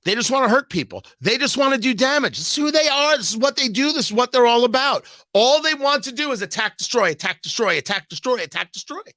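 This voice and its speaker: A man's voice: very high voice, very animated, fast, hardly any pauses, bright, forceful tone, no room sound. A man hosting a radio talk show, delivering an emphatic, sarcastic political monologue full of rhetorical questions and repetition, on a close studio microphone.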